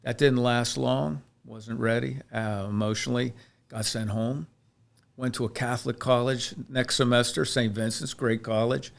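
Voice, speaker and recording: Gravelly guy on a podcast, mid-pitched, talks through his past real candid and reflective. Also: steady tone, moderate pace. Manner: earnest, reflective, with frequent restarts. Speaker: chiropractor, podcast guest. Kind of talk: candid personal storytelling in a podcast interview.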